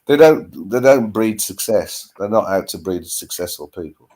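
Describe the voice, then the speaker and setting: A man chatting casually on a livestream in a relaxed, joking way, often trailing off into low mutters. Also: moderate pace.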